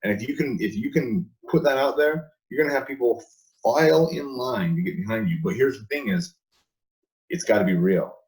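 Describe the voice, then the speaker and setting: A man's voice: mid-range voice, expressive, normal speed, a little mellow, poor audio. A man talking as a guest in a casual interview, emphatic, repeating and restarting his words, laughing between points.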